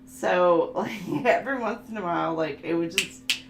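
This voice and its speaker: A woman talks through an oracle card reading in a relaxed, chatty way, reading card text aloud and often breaking into laughter. Her voice has a gravelly, creaky texture. The room is echoey, with a steady hum underneath. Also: fairly low pitch, moderate pace. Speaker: tarot reader.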